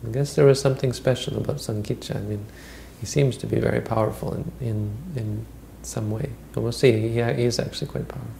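A man's voice: medium pitch, fairly even intonation, a little fast, vocal fry, hardly any pauses, dark tone, a little hiss or hum, rough recording. A man retelling a Buddhist story as a teacher, in a conversational way with frequent restarts.

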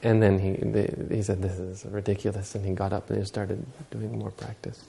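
A man's voice: fairly low pitch, little pitch movement, normal speed, vocal fry, warm tone, slightly rough. A man giving a Buddhist dharma talk, telling stories and explaining teachings unhurriedly, using Pali terms.

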